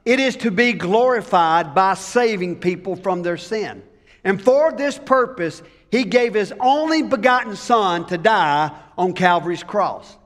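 A male pastor preaches an emphatic sermon and rouses his congregation with call-and-response. His voice sits unusually high for a man. Long reverb from the church hall trails behind him. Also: lively intonation, unhurried, fairly bright tone. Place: church sanctuary.

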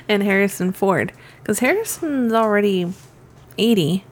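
A woman's voice: medium pitch, expressive, measured pace. A woman co-hosting a casual movie podcast, asking questions and adding dry remarks between her "um"s. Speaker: podcast co-host.

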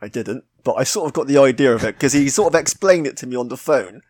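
A man's voice: medium pitch, expressive, quick pace, darkish tone, no echo. A man with a British accent co-hosting a podcast, bantering in a bashful, self-mocking way. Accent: British English. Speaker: podcast co-host. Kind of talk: casual chat.

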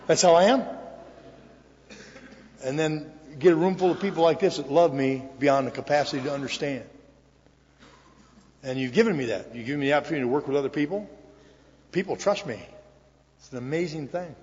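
An older man giving an earnest, emotional personal testimony to an audience in a large hall, with pauses and restarts. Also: fairly high pitch, darkish tone, slight background noise. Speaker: recovery meeting speaker. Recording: echoey hall, dull lo-fi sound.

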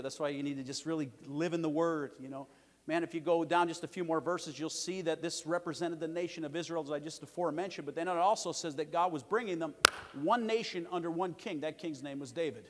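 A middle-aged male pastor preaching a sermon, telling lively stories with joking asides and calling out for amens. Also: fairly high pitch, quick pace. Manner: lively storytelling with joking asides and calls for amen. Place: large church sanctuary. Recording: long reverb of a big church hall.

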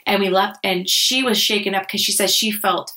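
A woman's voice: medium pitch, steady tone, moderate pace, bright, forceful tone. Chatty woman co-host telling stories. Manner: chatty storyteller, many "like"s. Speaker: podcast co-host. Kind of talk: casual chat.

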